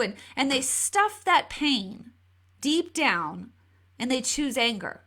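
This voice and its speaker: A woman's voice: lively intonation, unhurried, bright, forceful tone. A woman hosting a live political commentary video, emphatic and given to repeating words as she talks. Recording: re-downloaded lower-quality video.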